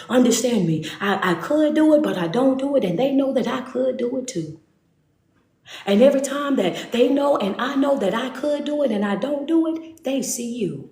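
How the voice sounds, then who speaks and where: A woman delivering a livestreamed sermon in a high voice. She speaks straight to her viewers, repeats her points and keeps asking if they understand. The sound carries a roomy echo. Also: animated, normal speed, dark tone. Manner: talks straight to viewers and calls out names. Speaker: motivational speaker and preacher.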